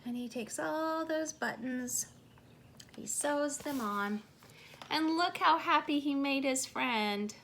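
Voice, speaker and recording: A woman's voice: high-pitched, takes it slowly, fairly bright tone, slight background noise. A woman reading a children's storybook aloud, with chatty asides to young listeners.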